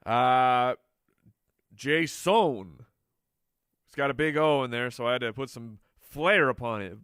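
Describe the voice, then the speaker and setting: A man's voice: medium pitch, normal speed, a bit bright, smooth, no echo, clean studio sound. A man answering viewer questions on a live show in a playful, chatty way, joking with the crew and laughing often. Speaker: fantasy football analyst answering viewer questions. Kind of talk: casual live Q&A.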